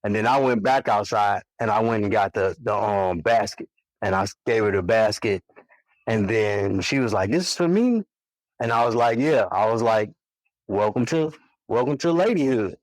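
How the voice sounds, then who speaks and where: A man in his forties, a podcast guest telling a personal story in a relaxed, animated way, acting out what people said. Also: fairly low pitch, moderate pace, no room sound, poor audio. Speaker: podcast guest, single father. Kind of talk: storytelling in casual conversation.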